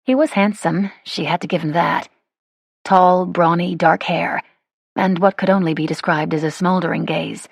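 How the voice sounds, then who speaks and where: A woman reads an audiobook in a measured, wry way. Her voice is low and husky. It is close-miked and dry, with no room sound. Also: steady tone, dry recording. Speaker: audiobook narrator. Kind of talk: scripted narration.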